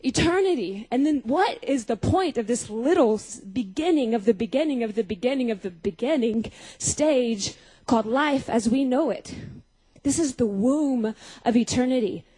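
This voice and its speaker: A woman's voice: on the high side, lively intonation, normal speed, dark tone, husky, low-quality recording. A young woman giving a personal testimony sermon, telling stories, acting out scenes and putting questions to her audience. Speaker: speaker at a Christian youth gathering.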